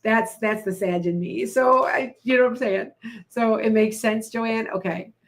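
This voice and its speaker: A middle-aged woman, a tarot reader, chatting casually with live-stream viewers, blunt and quick to laugh. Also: a little high. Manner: blunt, chatty, laughs often, reads viewer comments aloud.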